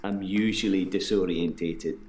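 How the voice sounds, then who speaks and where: A deep-voiced, flat patient. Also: male voice, unhurried, a little hiss or hum. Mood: flat, detached. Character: calm, detached British male patient who walks through doors. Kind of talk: full-motion video game dialogue.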